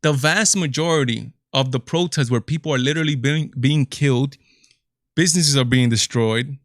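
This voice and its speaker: A man's voice: medium pitch, moderate pace, no room sound, clean studio sound. A man with a Latino accent hosting a political commentary livestream, exasperated and incredulous, firing off rhetorical questions. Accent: Latino English. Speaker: show host.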